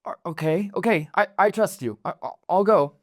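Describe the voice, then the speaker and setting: A man's voice: on the high side, normal speed, darkish tone, dry recording, clean studio sound, lightly acted. A man voicing a young woman inventor who is eager and loyal, talking hesitantly with lots of fillers. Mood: anxious.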